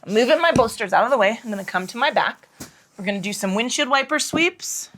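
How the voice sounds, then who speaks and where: A woman yoga instructor guiding a class through hip and low back moves, cueing breath in a frank, playful way with casual swearing. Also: animated, fast talker, a bit bright.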